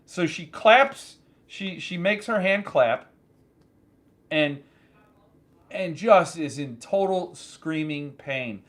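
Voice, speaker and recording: A man hosting his own channel, telling a story in an animated, joking casual chat. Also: on the high side, takes it slowly, pauses often. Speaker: channel host.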